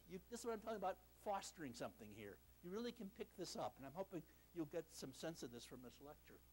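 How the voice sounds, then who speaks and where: An older man lectures in a hall, his voice pitched high for a man. He swings through his pitch freely, animated and storytelling, with dry jokes at his own expense. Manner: animated storytelling, self-deprecating humor. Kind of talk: university lecture.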